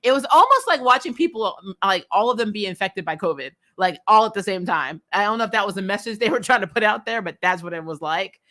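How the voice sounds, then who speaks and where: A woman's voice: medium pitch, animated, fast, hardly any pauses, sharp tone. A woman casually recapping a TV episode, chatty and opinionated, often exasperated, with fillers and laughs. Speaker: host.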